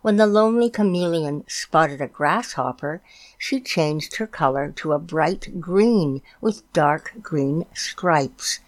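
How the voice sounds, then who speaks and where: A woman reading a children's picture book aloud, gently explaining things for young listeners. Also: sits low, expressive, slow. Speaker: storytime reader.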